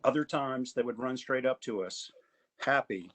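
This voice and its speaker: A man from Augusta, Georgia, chairing an advisory committee in a virtual meeting, giving earnest, measured prepared remarks. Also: mid-range voice, rough recording.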